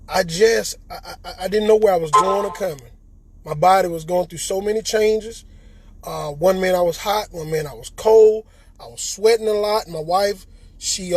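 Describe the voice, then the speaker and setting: Husky-voiced man, halting testimony. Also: high-pitched, no echo, poor audio. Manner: halting, repeats words, addresses listeners as y'all. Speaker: coronavirus survivor. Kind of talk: emotional personal testimony.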